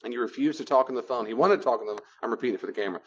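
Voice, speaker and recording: A man's voice: medium pitch, rapid-fire, fairly bright tone, slightly rough, lo-fi sound. A man teaching a class on personal boundaries in a conversational lecture style, repeating phrases for emphasis. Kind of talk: classroom lecture with role-play.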